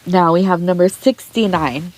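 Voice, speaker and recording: A woman's voice: lowish voice, moderate pace, darkish tone. A woman who reads tea leaves, speaking in an earnest, rambling way with many restarts. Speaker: tea leaf reader. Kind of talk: heartfelt spoken aside in a reading video.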